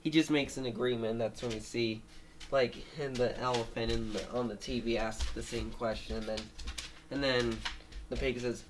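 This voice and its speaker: A man's voice: mid-range voice, steady tone, normal speed, noisy background. A man casually retelling a made-up story, rambling with many restarts, fillers and small laughs.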